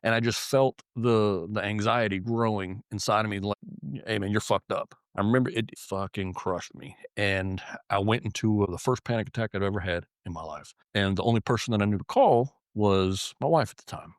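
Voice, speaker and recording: Lower-voiced man, profane and halting. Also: no echo, clean studio sound. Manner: heavy swearing, frequent restarts and repeated words. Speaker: interview guest, law enforcement officer. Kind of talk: casual interview storytelling.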